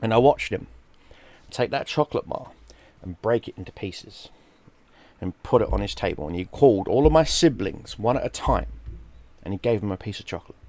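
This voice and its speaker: A middle-aged man tells a story in a fairly low voice. He swears freely and acts out the people in it. The sound is dry and close. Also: expressive, normal speed, long pauses, darkish tone, no echo. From London, England. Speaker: streamer. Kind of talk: casual storytelling.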